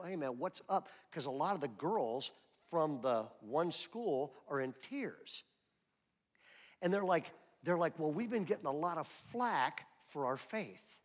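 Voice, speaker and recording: A middle-aged man preaching a sermon as pastor, telling a story and building to loud emphatic peaks. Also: a little high. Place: church auditorium.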